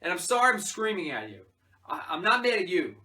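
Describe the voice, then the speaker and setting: A man's voice: sits high, very animated, measured pace, pitched above the performer's own voice, heavily acted. A man doing a furious, hot-headed football coach. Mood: ranting. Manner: defensive, snapping, shouting at reporters. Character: furious losing male football head coach, hot-tempered. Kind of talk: mock press conference.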